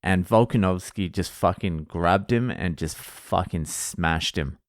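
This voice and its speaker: A man's voice: deep voice, unhurried, no room sound, studio quality. An Australian man hosting a solo podcast, rambling and self-mocking, with heavy swearing in casual talk. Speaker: podcast host.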